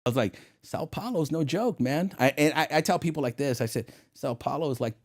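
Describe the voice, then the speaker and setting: A man's voice: a little high, brisk. A middle-aged man, a retired federal agent, telling stories as a guest in a casual interview and acting out the dialogue. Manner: animated, acts out quoted dialogue.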